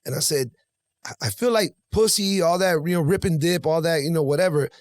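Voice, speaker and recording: A man in his forties telling a story on a podcast, animated and acting out both sides of a conversation. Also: a little high, a little fast, dry recording. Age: 40s. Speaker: podcast guest. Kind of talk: casual storytelling.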